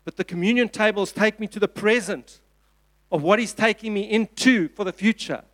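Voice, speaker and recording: South African pastor preaching, fairly high voice. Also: male voice, moderate pace, a bit bright. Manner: earnest, emphatic preaching with repeated phrases. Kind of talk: sermon. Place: church.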